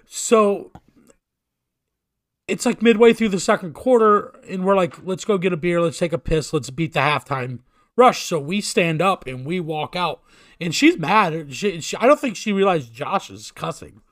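A man with a somewhat high voice tells a rambling, profane story in a casual chat. He laughs at himself and leans into the punchlines. The sound is dry and close, with no room around it. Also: moderate pace, no room sound. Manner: profane, animated, self-mocking storyteller.

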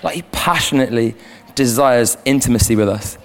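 A young man preaching in a church, earnest and conversational, his words often stumbling into restarts. He speaks into a handheld mic at a middling pitch. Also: fairly quick. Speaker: youth leader and preacher. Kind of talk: sermon. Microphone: handheld microphone.

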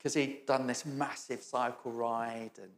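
A man's voice: mid-range voice, steady tone, measured pace, reverberant. A middle-aged man preaching a storytelling sermon, chatty and self-mocking and often laughing. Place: church hall.

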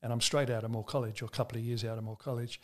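An earnest man from Australia tells stories and makes his points at a measured pace. He leans on his key words and slows down to stress them. His voice sits at an ordinary middle pitch. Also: level tone. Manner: measured, earnest storytelling with slow emphatic stresses. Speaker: preacher. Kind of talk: interview answers.

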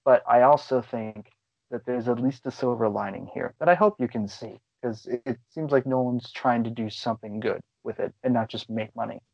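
An excitable man rambles through casual movie talk as a podcast co-host and swears freely. The audio is slightly dull and lo-fi. The room is dry, with the mic close to him. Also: mid-range voice, normal speed, vocal fry, no room sound. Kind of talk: casual chat.

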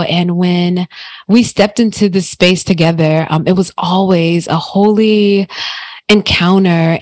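A woman's voice: on the low side, darkish tone, dry recording. A woman hosting a podcast as a life coach, talking in an effusive, emotional and affirming way. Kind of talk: warm interview chat.

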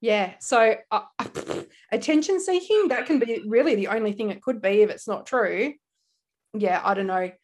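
Animated Australian woman co-host, chatty storyteller, laughs easily. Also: mid-range voice, moderate pace. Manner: animated storyteller, laughs often, slips into quoted voices. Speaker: podcast co-host. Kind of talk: casual true-crime podcast chat.

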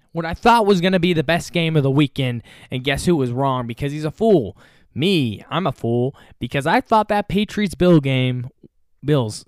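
A man hosting a casual football recap, joking and animated, with big swings in his voice. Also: medium pitch, no room sound, clean studio sound. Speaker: sports show host.

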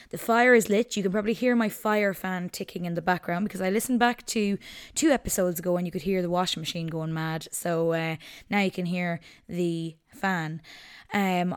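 A young woman in her twenties chats through her solo podcast from the couch at home. Her voice is smooth and clear, and she talks in an easy, animated way. She sounds relaxed and conversational, like she's catching up with listeners. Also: lowish voice. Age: 20s. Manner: chatty and animated, breaks off to scold her dog. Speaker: podcast host. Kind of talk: casual solo podcast chat. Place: living room at home, on the couch.

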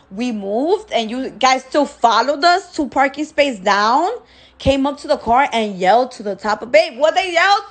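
A woman's voice: fairly high pitch, fairly bright tone. A woman telling a story in casual, agitated talk, with lots of swearing. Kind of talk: casual recounting.

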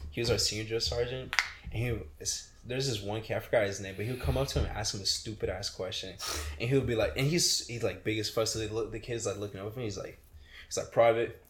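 A man's voice: lowish voice, fairly even intonation, fast, roomy sound, slight background noise. A young man, a military veteran, swapping profane boot camp stories in casual chat, laughing and chiming in.

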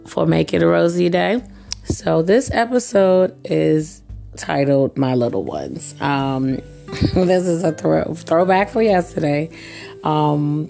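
Low-voiced chatty woman, a bit hoarse. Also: a little mellow. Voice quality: slightly rough voice. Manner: chatty, laughs often, acts out children's squeaky voices. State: hoarse from allergies. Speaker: podcast host. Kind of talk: casual storytelling monologue.

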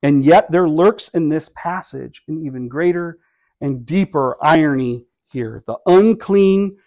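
A man's voice: fairly high pitch, a little slow, a little mellow, lo-fi sound. A man preaching a sermon in a conversational way, with wry asides and rhetorical questions to the congregation. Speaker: pastor.

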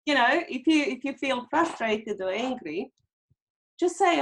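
A middle-aged woman guest, a hypnotherapist, talking gently and reflectively in an interview and acting out little inner dialogues. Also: high voice, big pitch swings, measured pace, a little hiss or hum. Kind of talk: conversational interview.

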